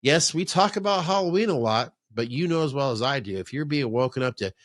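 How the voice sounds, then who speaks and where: In a man-cave podcast room, a male podcast host tells rambling, profane stories in casual chat. His mid-range voice is expressive and a little fast, captured in a dry, clean studio recording.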